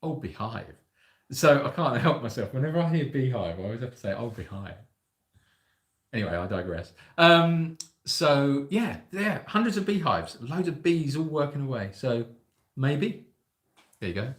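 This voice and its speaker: A man's voice: medium pitch, very animated, moderate pace. Jokey man in an echoey room. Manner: jokey storyteller, slips into silly put-on voices. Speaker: sanctuary co-host on a livestream. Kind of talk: casual livestream chat.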